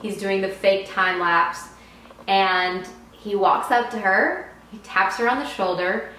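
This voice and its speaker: A young woman vlogger telling a personal story in a chatty, excited way with frequent laughs, recorded in a very echoey room. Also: mid-range voice, slow pace, a little hiss or hum. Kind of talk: casual storytime.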